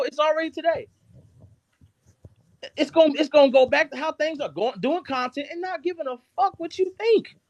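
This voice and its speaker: A man hosting a live stream, ranting angrily and cursing constantly, his loudness jumping up and down. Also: very high voice, dry recording. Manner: heated, profane, cursing constantly; shifts abruptly between loud and quiet. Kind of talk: angry rant on a live stream.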